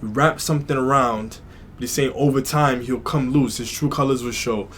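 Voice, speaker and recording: A man chats through a music reaction, musing aloud and hedging his thoughts. His voice sits at an everyday pitch, loose and unpolished, and a faint hiss runs behind it. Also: steady tone, normal speed, a bit bright. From New York. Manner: thinks aloud, hedging, many fillers. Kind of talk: casual reaction commentary.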